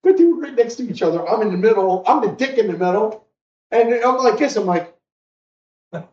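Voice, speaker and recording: A man's voice: sits high, quick pace. Guy on a podcast rambling thru a story, voice jumps all over, sounds far off in an echoey room. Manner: rambling, animated storyteller who acts out other people's lines. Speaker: podcast co-host. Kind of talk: casual storytelling chat. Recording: roomy, distant, muffled home recording.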